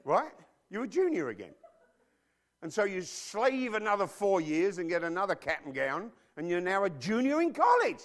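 A man preaches with a lively, swooping delivery, putting frequent rhetorical questions to his listeners. He is blunt and informal, dropping in slang. He presses his points hard, and his voice sits slightly high for a man. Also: normal speed. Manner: emphatic, with many rhetorical questions to the audience. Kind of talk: sermon.

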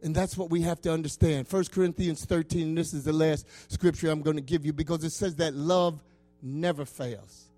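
High-voiced passionate man preaching. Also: steady tone, normal speed, faint music behind. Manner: passionate, swinging between loud preaching and soft asides. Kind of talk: sermon.

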